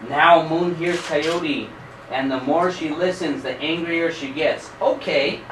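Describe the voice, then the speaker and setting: Man reading a picture book aloud, echoey. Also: on the high side. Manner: pauses to show the pictures, checks in with okay. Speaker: storyteller reading to children. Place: school event room. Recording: echoey room, distant mic, background noise.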